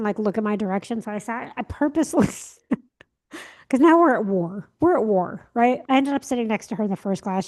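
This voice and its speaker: A woman's voice: fairly high pitch, darkish tone. A young woman co-hosting a podcast, telling a story in casual chat and acting out the lines she quotes. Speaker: podcast co-host.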